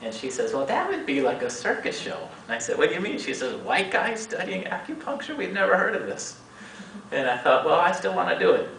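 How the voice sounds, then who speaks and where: Man, 40s, animated storyteller at a meeting, bright voice, lively pitch, echoey room, distant mic. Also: fairly quick, gravelly, slight background noise. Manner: animated, acts out quoted voices with big pitch jumps. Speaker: speaker at a meeting. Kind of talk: storytelling talk to an audience.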